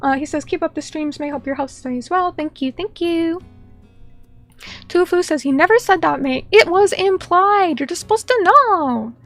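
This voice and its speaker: A woman's voice: extremely high pitch, normal speed, a bit bright, soft background music. A woman streamer chatting casually at home and reading viewer comments aloud, playful and teasing, sometimes mock-indignant. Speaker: VTuber streamer.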